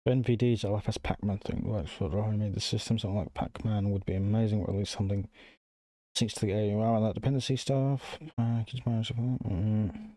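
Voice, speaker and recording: A man's voice: lowish voice, steady tone, brisk, warm tone, no room sound. Apologetic man rambling on a live stream. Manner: rambling, thinks aloud, reads and answers chat; apologetic, self-conscious. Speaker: live streamer building Linux. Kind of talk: casual live-stream chat while working.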